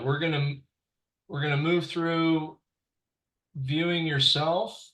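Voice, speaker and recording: A man leading an online real estate training session over a video call, halting and full of fillers and restarts. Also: medium pitch, a bit bright, low-quality recording.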